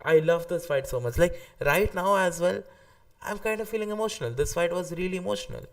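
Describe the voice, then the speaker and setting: Excitable gravelly man streaming live. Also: high voice, a little fast, distant mic. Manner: excitable, swears casually, restarts often. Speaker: streamer ranking anime arcs. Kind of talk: casual live-stream reaction commentary.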